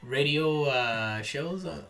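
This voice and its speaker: A man's voice: a little high, slow, creaky, fairly bright tone, faint music behind. A man in his thirties hosting a comedy podcast, talking in loose, laughing banter and stumbling over his words. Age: 30s.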